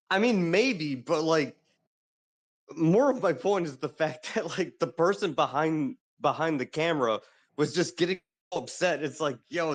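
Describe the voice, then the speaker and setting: A man in casual chat, ranting in an exasperated way with lots of swearing and laughter. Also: a little high.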